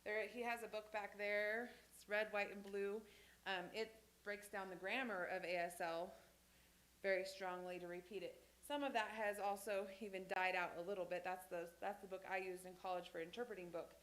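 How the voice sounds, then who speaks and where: A woman's voice: mid-range voice, steady tone, moderate pace, a bit bright. A woman teaching a sign language class in a church classroom, talking casually with many fillers and restarts.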